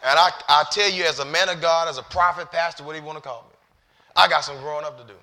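A male pastor preaching a sermon, moving from hushed, halting storytelling to loud, shouted exhortation. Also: on the high side. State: near tears.

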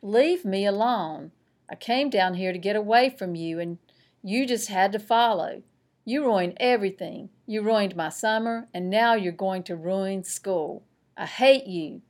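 A woman voicing an angry, sulky young boy in a children's storybook reading, speaking loud and raised. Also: mid-range voice, measured pace, close to an everyday voice.

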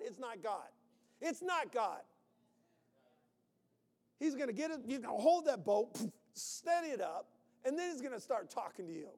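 A man preaching a sermon in an animated way, breaking into sudden shouts as he acts out worried voices. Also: very high-pitched, big-room sound.

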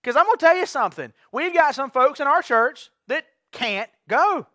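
High-voiced fervent preacher. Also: male voice, animated, moderate pace, bright, forceful tone, no room sound, clean studio sound. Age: young adult. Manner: fervent, repetitive rallying cries. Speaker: pastor. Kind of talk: sermon. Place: church sanctuary.

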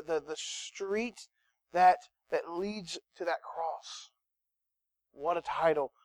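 A man preaching a sermon in an animated, conversational way, with asides to the congregation. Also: high-pitched, no echo. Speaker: pastor.

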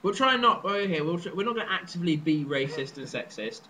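A young man from southern England co-hosting a casual chat show, excitable and jokey with sudden loud laughing shouts. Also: on the high side, fast talker, a little hiss or hum, low-quality recording. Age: young adult. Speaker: podcast co-host.

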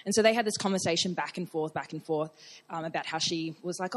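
A woman's voice: fairly low pitch, fast. A young woman telling her testimony at church in a casual, chatty way, with fillers and acted-out dialogue. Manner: chatty, many fillers and restarts, acts out dialogue. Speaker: church member giving testimony. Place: church service.

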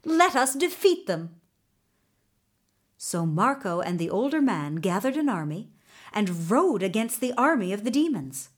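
A woman narrating a children's storybook in a gentle, measured way. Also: mid-range voice, big pitch swings, husky.

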